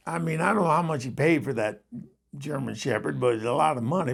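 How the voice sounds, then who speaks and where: An older man spins a long, rambling story, chuckling as he goes and speaking straight to his listeners. His voice is heavily gravelly and husky. It sits a touch higher than most men's. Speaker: storyteller host. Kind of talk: comic anecdote telling.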